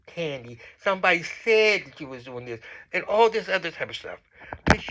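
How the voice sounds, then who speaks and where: A man's voice: on the high side, a little fast, noisy background. A man giving a casual, profane rant about a reality show, acting out quotes with lots of swearing and sounding a little tipsy. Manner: animated, swearing, acts out quotes. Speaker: reality TV commentator.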